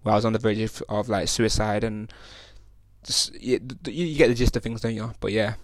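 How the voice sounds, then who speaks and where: On a dry recording made with his own podcast mic, a young podcast host rambles and curses heavily through a casual solo episode, often tossing in "you know what I'm saying." He has a lowish, steady voice and talks fairly quickly.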